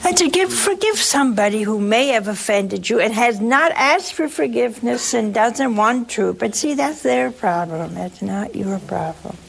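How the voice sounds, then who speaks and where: A woman's voice: fairly high pitch, expressive, creaky, husky. A woman giving a folksy, sermon-like talk to listeners, leaning hard on key words. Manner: folksy, emphatic, slow stresses on key words.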